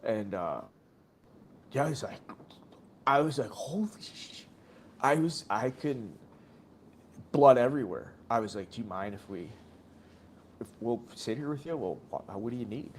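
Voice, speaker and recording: A man's voice: mid-range voice, expressive, moderate pace, slight background noise. A man co-hosting a casual sports stream, telling a long rambling story full of swearing and acted-out quotes. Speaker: podcast co-host watching a game.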